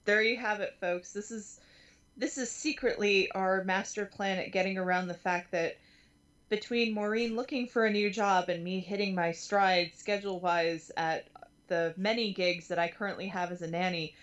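A woman in her thirties co-hosts a casual podcast. She teases her partner in a wry, easygoing way, at an ordinary middle pitch. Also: fairly even intonation, normal speed, fairly bright tone. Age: 30s. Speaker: podcast co-host. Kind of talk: casual chat.

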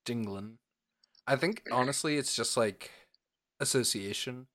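A man's voice: fairly low pitch, expressive, unhurried, fairly bright tone. A man co-hosting a podcast in casual chat, playful and rambling, with a lot of "like" and filler words. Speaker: podcast co-host.

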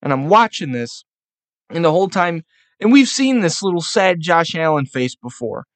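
A man hosting a casual sports podcast, ranting with profanity and frustration, now and then mocking in a high baby-talk voice. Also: expressive, moderate pace, no echo. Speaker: podcast host.

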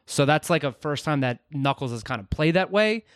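A man's voice: a little high, lively intonation, a little fast, clean tone, no room sound, studio quality. A man co-hosting a casual podcast chat, explaining game lore with lots of "actually" and "I'm just saying". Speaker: podcast co-host.

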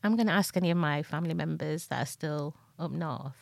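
Young woman, northern English accent, casual podcast chat, lowish voice, dry close sound. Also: a little fast, creaky, a little mellow, no echo. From northern England. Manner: chatty, laughs often, acts out quoted exchanges. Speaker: co-host.

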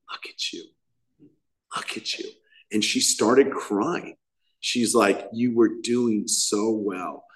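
A man's voice: fairly low pitch, low-quality recording. A man speaking at a recovery meeting, telling a rambling, self-mocking personal story to a group. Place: meeting hall.

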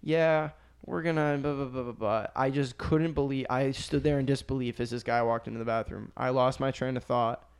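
A man's voice: medium pitch, normal speed, hardly any pauses, smooth. A young man, a restaurant server, telling work stories in casual chat and swearing often. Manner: animated storyteller, swears often.

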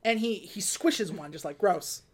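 A woman's voice: mid-range voice, lively intonation, normal speed. A woman co-hosting a casual chat, retelling a movie's scenes step by step and acting out the characters' lines. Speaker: podcast co-host.

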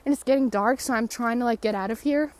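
A woman's voice: a little high, fast. A woman hosting a personal podcast while walking outdoors, talking into a phone in a chatty, self-mocking, sarcastic ramble full of "like". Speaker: podcast host.

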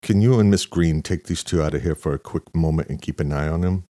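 A man reading a brisk scheming boss. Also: rumbling low, mellow, dry recording, clean studio sound. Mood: businesslike. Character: scheming male boss, businesslike.

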